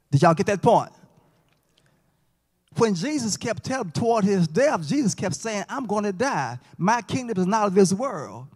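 High-voiced man teaching a church class. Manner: folksy, jokes and quizzes the class. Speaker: Sabbath school teacher. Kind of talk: interactive Bible lesson. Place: church sanctuary. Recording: long church reverb.

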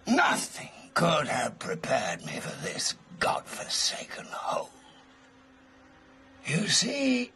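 An actor playing an older, drunken and pompous adventurer who talks in a florid, theatrical way and slips into song. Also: male voice, on the high side, pushed and bright, slight background noise, heavily acted. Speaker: wandering adventurer. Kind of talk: film drama acting.

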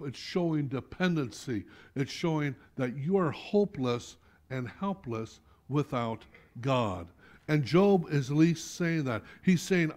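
In a church sanctuary, a middle-aged male minister gives an unhurried Sunday sermon in a voice pitched slightly high for a man. His preaching is lively, with pressing, loud pleas that abruptly drop into quiet, personal moments.

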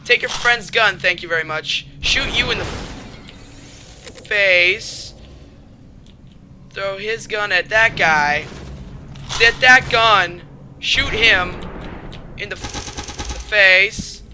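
A young man with a high, very bright voice narrates his gameplay in a let's play. He talks at an unhurried pace between excitable bursts, with his pitch swinging up into yelps and shouts. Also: a little hiss or hum. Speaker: gamer doing commentary.

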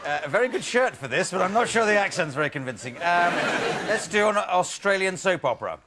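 A man's voice: high-pitched, big pitch swings, a little fast. Brief: wry male game show host, studio audience laughter and noise behind. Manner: dry, wry asides. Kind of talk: hosting improv comedy show.

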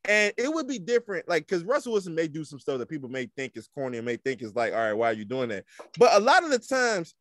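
A man co-hosting a podcast in casual chat, slangy and animated. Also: fast talker, hardly any pauses, no echo, studio quality. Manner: animated, slangy, jumps in pitch when riled up. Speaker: podcast co-host.

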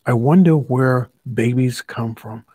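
A man voicing a male lion in a children's story, dismissive and giggly, with a slightly husky voice. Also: mid-range voice, a little slow, mellow, dry recording. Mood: scoffing. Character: laughing, scoffing male lion, sure of himself.

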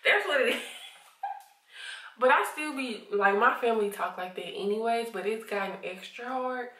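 A woman's voice: a little high, moderate pace, pushed and bright. A sleepy woman with a Southern US accent chatting casually to camera at home, laughing often and calling viewers honey. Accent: Southern US (Arkansas). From Arkansas, USA. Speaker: vlogger. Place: at home, indoors. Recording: roomy, from a distant camera mic.

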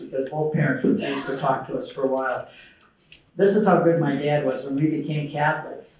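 A middle-aged man giving a conference talk and taking audience questions, telling stories and acting out quotes with animation. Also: fairly high pitch. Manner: lively storytelling, acting out quotes. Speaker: conference speaker. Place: large conference hall. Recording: echoey hall from far off.

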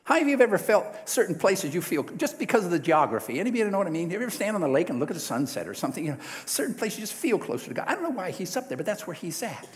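A man's voice: high voice, racing, few pauses. Guy preaching a sermon, swoopy storytelling voice, keeps asking the crowd stuff, big echoey church. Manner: lively storytelling, asks the congregation questions. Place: church sanctuary.

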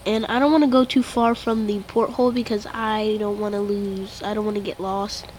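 A woman giving casual commentary on her own game, excitable and quick to exclaim when startled. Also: medium pitch, slight background noise, rough recording. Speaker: let's play gamer.

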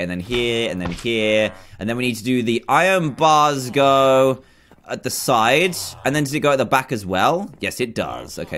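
Excitable man doing gaming commentary. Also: medium pitch. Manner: excitable, jokey, thinks aloud while playing. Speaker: gaming youtuber. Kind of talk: casual let's-play commentary.

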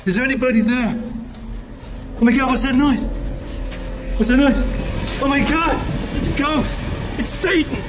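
A man putting on a squeaky, over-excited vlogger voice, gushing and easily spooked, outdoors on flooded rural trails. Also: moderate pace, pauses often, background noise. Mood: mock-spooked. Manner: breathless, gushing, says "totally legit" and "oh my God".

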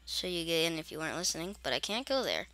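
A woman's voice: deep voice, very animated, quick pace, sharp tone, faint music behind. A young woman casually commenting on a game as she plays it, chatty and grumbling, with mock-scared asides. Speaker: gaming channel host.

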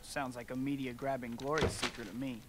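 A man's voice: mid-range voice, level tone, a little fast, noisy background, lightly acted. A man playing a wry young superhero.

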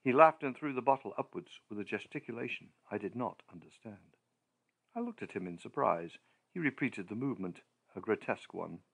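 A man narrating a horror audiobook in a measured, deliberate, storytelling manner. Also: fairly low pitch, expressive, creaky, fairly bright tone, husky.

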